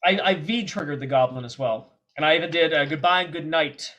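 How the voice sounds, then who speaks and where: A man telling stories as a podcast guest, animated and freely cursing. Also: fairly high pitch. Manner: animated, profane, quick anecdotes. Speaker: guest filmmaker and performer. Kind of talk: casual storytelling.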